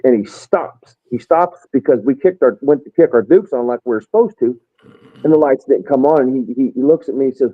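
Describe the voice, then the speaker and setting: A man's voice: mid-range voice, a little fast. An American man, a retired first sergeant, casually telling army stories and acting out what others said. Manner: rambling storyteller, acts out quoted soldiers. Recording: tinny phone-like line.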